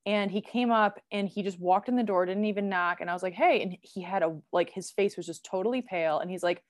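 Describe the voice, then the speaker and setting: A woman's voice: mid-range voice, fast talker, no echo, studio quality. Chatty woman co-hosting a podcast. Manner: chatty, laughs often, fillers. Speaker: podcast co-host. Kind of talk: casual chat.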